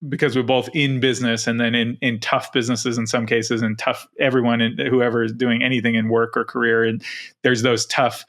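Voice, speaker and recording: A middle-aged man in easy podcast conversation, his voice gravelly with fry. He speaks in a flat, even tone and circles back over his words as he thinks aloud. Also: medium pitch, brisk. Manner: rambling, many restarts. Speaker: podcast co-host. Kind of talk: casual podcast chat.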